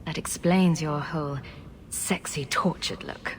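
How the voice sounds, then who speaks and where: A woman's voice: sits low, steady tone, unhurried, slight background noise. An actress voicing a sardonic female hero in video game dialogue, with a dry, teasing manner.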